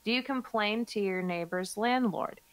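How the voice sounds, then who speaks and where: A woman's voice: mid-range voice, moderate pace, no room sound. A woman hosting a casual podcast chat, reading out questions playfully and laughing often. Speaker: podcast host asking the questions.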